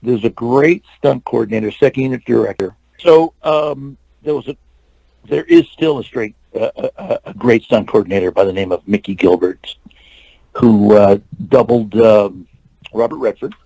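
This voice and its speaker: Gravelly-voiced older man telling stories. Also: fairly low pitch, normal speed, dark tone, no echo, poor audio. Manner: rambling anecdotes with restarts and acted-out quotes. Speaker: interview guest, actor and stuntman. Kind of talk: casual storytelling interview.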